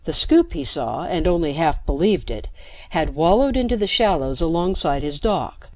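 A woman narrating a science fiction story with steady, dramatic pacing into a close mic. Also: deep voice, normal speed, no room sound. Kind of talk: scripted narration.

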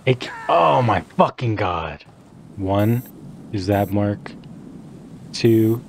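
A young man casually commentating his video game playthrough, swearing freely, laughing often and bursting into excited outbursts. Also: lowish voice, slow pace, vocal fry, a little hiss or hum. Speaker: gaming streamer. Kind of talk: casual let's play commentary.

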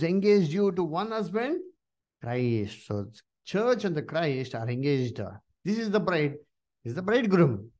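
A man leads a Bible study. His pitch rises and falls in a lively way, and he keeps asking questions and leaning on "you see" and "uh" between phrases. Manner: many "uh" and "you see" fillers, rising questions to listeners.

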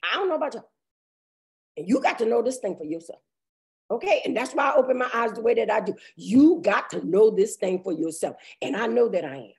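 Woman preacher, tearful, gravelly edge, high voice, cries out in passion. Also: sing-song. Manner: impassioned, cries out and shouts while preaching, reads scripture slowly. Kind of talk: sermon.

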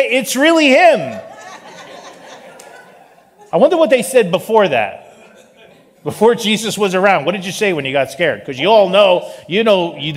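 A male pastor preaching a sermon in an animated style, with joking asides. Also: sits high. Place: church sanctuary. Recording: long reverb of a large hall.

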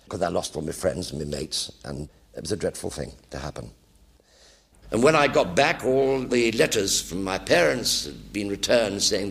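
A man's voice: mid-range voice, gravelly, fairly bright tone. An English man in his seventies telling war stories to a theatre audience, acting out every voice in his one-man stage show. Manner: vivid raconteur, acting out every voice.

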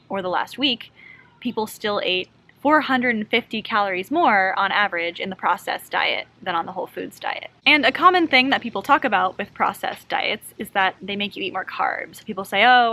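A woman with a bright, crisp voice explains a science study in a casual, enthusiastic way. She talks quickly and keeps her energy up throughout. She is speaking outdoors from a hammock at a middle pitch. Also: poor audio. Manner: fast talker, animated and enthusiastic. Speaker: PhD researcher explaining a study.

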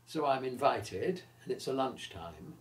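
A man's voice: mid-range voice, unhurried, slight background noise. Man in his eighties telling an anecdote. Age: 80s. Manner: lively raconteur who acts out the quoted voices. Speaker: interviewee recalling his career. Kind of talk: anecdotal storytelling. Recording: roomy echo.

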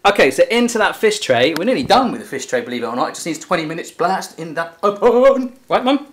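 A man's voice: high-pitched, very animated, quick pace. Jokey young man in a kitchen. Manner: jokey, teasing, chatty. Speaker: cooking show host. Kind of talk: casual cooking chat. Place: home kitchen.

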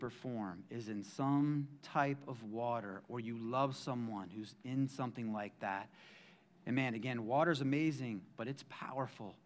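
Man preaching from hushed to shouting. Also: medium pitch. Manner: swings from hushed and intimate to loud and shouting; casual and jokey, calls the crowd guys. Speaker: pastor. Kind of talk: sermon. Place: church sanctuary.

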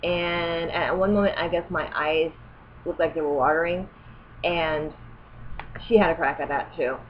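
A woman's voice: sits low, fairly even intonation, unhurried, dull audio, slight background noise. A woman in her thirties telling a personal story as a vlogger, rambling, correcting herself and growing indignant. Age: 30s.

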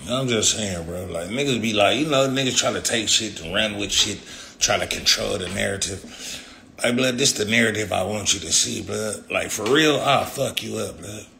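A man's voice: lowish voice, slow, creaky, pauses often, sharp tone, slight background noise. A man ranting on a livestream in a profane, confrontational way. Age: adult with young kids. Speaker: rapper streaming live. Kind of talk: livestream rant.

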